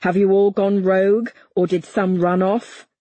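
A woman reading an audiobook, voicing a stern male army colonel who speaks in a low, slow, purring way. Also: flat delivery, no echo, lightly acted. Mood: cold, commanding. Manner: low, slow, quiet purr. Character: stern middle-aged male army colonel, cold and commanding.

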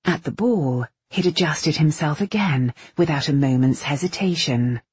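A woman reading an audiobook in steady, even scripted narration. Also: low-pitched, normal speed, slightly rough, no echo.

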